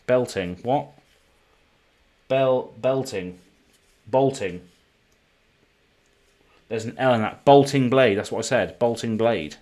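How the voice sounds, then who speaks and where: Live on stream, a British-accented man from the UK opens packs, speaking in a lowish voice with a darkish tone. He stays chatty throughout, calling out the card names in a running list.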